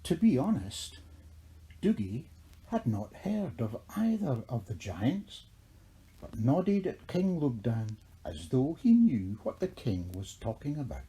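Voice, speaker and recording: Slow, mellow male storyteller. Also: mid-range voice, slightly rough. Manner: measured and expressive. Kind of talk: storybook narration.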